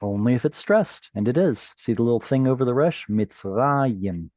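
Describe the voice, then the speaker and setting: A man's voice: mid-range voice, animated, moderate pace, dark tone, no echo. A man teaching a Hebrew class over a video call, patiently explaining and quizzing his students.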